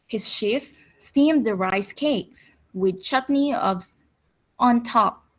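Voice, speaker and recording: A woman teacher reading a picture book aloud to children in an expressive, deliberate way. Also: a little high. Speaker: teacher storyteller.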